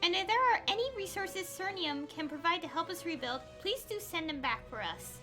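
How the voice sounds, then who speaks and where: A woman streamer with a high, bouncy voice that leaps around as she reads game dialogue aloud. She talks casually, chatty and giggly, with asides between lines. Game music plays clearly behind her. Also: lively intonation, moderate pace.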